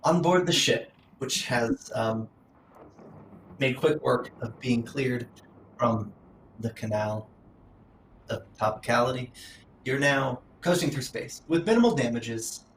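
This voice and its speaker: A man's voice: mid-range voice, slow, long pauses, slight background noise. A man narrating as game master of a tabletop game, in a loose, rambling way with fillers. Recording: roomy sound from a distant mic.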